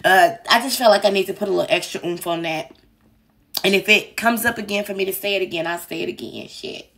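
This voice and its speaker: A woman's voice: medium pitch, fast talker, gravelly, a bit bright. A woman in her forties hosting a casual online commentary show, talking candidly and playfully, swearing and laughing at her own jokes. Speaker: commentary channel host.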